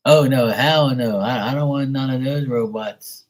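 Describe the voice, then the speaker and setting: A man hosting a live stream tells jokey stories in casual, profane chat and laughs often. His mid-range voice moves a little slowly.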